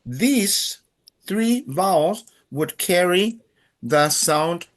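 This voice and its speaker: A man's voice: on the high side, unhurried, fairly bright tone. A man teaching a Spanish class, patiently leading students through a pronunciation drill. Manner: patient, prompting repetition.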